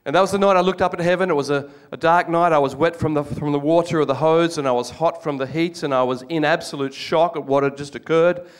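A man's voice: a little high, fairly even intonation, quick pace, hardly any pauses, smooth. A man telling his life story as a testimony sermon to a congregation, earnest, often restarting and repeating words. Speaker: guest speaker giving testimony.

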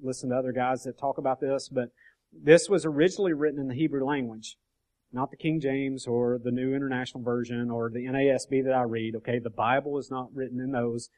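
A man's voice: medium pitch, steady tone, fairly quick, a little mellow. A man leading an informal Bible study, explaining scripture in a conversational way, often checking in with his listeners and restarting his sentences. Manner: conversational, frequent "okay?" check-ins and restarts. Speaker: bible teacher.

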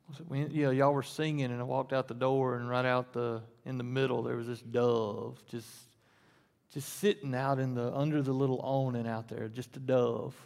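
In a church sanctuary, a male pastor preaches a sermon, speaking conversationally before rising to emphatic peaks. His mid-range voice is creaky with a darkish tone, and the church hall adds long reverb.

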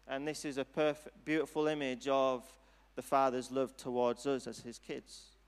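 A man's voice: mid-range voice, little pitch movement, smooth. Earnest man preaching in a reverberant hall. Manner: earnest, gentle, unhurried. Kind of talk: sermon with altar call.

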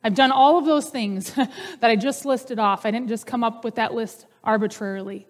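A woman pastor preaches in a relaxed, conversational way and slips humor into her teaching. Her voice sits somewhat high. The sound carries a long hall reverb. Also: normal speed. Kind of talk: sermon.

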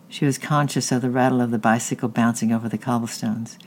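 A narrator reading a chapter of a novel aloud in a steady storytelling manner. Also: medium pitch, fast talker, slight background noise. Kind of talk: audiobook reading.

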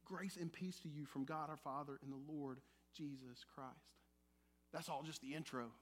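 A man preaching to his congregation in a notably high voice. He swings from quiet, earnest stretches to lively, teasing banter with the pews. His delivery is conversational and animated, as if talking with the people in front of him. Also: moderate pace. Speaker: pastor. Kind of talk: sermon. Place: church sanctuary.

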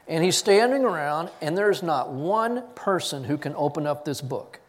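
A male pastor preaching with a fairly high voice. He swings from loud, lifted scripture readings to quiet, low emphasis. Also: normal speed, hardly any pauses, big-room sound. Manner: animated preaching, rising loud for scripture readings, dropping low on key points. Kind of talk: sermon.

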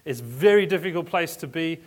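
A man from South Africa, pitched a little high, preaches a sermon to his church. He talks casually, stumbles into restarts and fills pauses with "um" and "uh". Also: expressive. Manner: conversational, restarts often, many fillers. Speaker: pastor.

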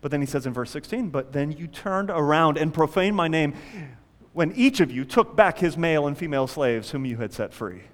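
High-voiced pastor guy preaching, lots of energy, acts out freaked-out prayers, big echoey church. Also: expressive, fairly quick. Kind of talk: sermon.

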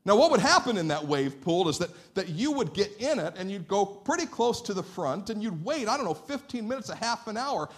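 A man from Northeast Ohio preaching a sermon to a church congregation, telling animated stories and asking the listeners questions. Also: high-pitched, fairly quick, few pauses. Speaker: pastor. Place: church sanctuary.

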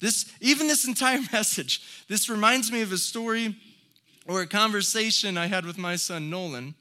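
A pastor with a high-sitting, bright, forceful voice preaches at a moderate pace. He speaks earnestly, telling folksy stories with light laughs before building up to emphatic exhortations.

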